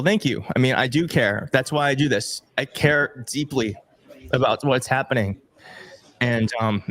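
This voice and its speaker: A man's voice: mid-range voice, fairly bright tone. A young man hosting a live stream, reading out viewer messages and thanking donors in an emotional, grateful, slightly fumbling way. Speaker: livestream host reading viewer donations. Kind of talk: casual live-stream chat.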